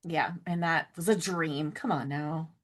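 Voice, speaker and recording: A woman co-hosting a podcast in casual chat, laughing often and reacting with excitement. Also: low-pitched, a little slow. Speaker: podcast co-host.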